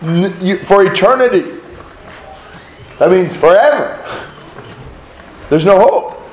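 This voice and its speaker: Male Bible teacher, somewhat high voice, emphatic and lively, recorded in a roomy space with faint background noise. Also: slow pace. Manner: emphatic, animated, with rhetorical questions. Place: room with a group of listeners.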